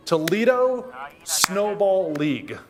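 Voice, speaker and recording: A man's voice: high-pitched, sing-song, slow pace, crowd noise. A man hosting a weather show, chatting casually and cracking puns in a TV studio. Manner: jokey, punning, playful.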